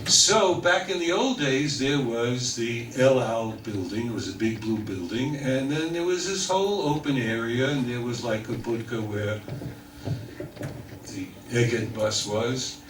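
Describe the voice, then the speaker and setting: An older New York man tells a humorous anecdote to a live audience in a talk hall, going slowly and wryly while mimicking the voices of the people he quotes. His mid-range voice is fairly bright with lively intonation. He is recorded from a distance in an echoey room, with room noise and audience laughter clearly audible.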